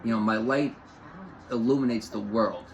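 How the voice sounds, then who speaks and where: A man's voice: on the low side, fairly even intonation, moderate pace, poor audio. A man giving an off-the-cuff spiritual talk, rambling and repeating phrases with lots of fillers. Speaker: spiritual host.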